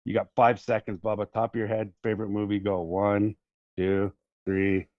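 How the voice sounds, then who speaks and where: A man's voice: lowish voice, little pitch movement, normal speed, dry recording, muffled recording. A man co-hosting a podcast, talking in crude, joking banter and often repeating himself. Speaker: podcast co-host.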